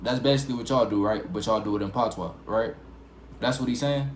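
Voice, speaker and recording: A man's voice: lowish voice, fairly quick, roomy sound, a little hiss or hum. A man hosting a reaction video, chatting casually and thinking aloud as he reacts.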